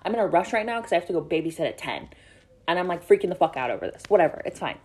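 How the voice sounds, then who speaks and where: Rambling young woman host, low voice. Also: very animated, racing, a little mellow. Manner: rambling, filler-heavy, flustered and swearing. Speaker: podcast host. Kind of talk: casual storytelling chat.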